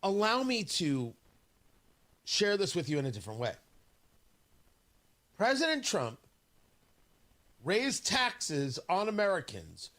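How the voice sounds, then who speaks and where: A man's voice: high voice, sing-song, takes it slowly, pauses often, fairly bright tone. A man hosting a morning talk radio show in a studio, delivering an indignant, sarcastic monologue with emphatic jabs. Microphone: studio microphone.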